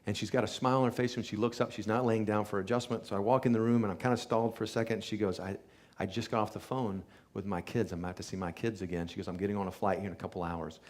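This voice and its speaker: A man's voice: lowish voice, fairly even intonation, rapid-fire. A man, a chiropractor, earnestly telling a patient's healing story to a live audience and acting out what people said. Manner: earnest testimonial storytelling, acts out quoted speech.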